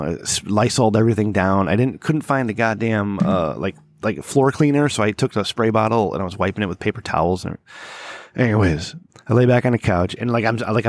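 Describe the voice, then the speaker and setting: A hoarse middle-aged man with a sore throat, a podcast host telling a long, rambling story, swearing and laughing at himself. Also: on the low side, a little fast, no echo. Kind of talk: casual podcast chat.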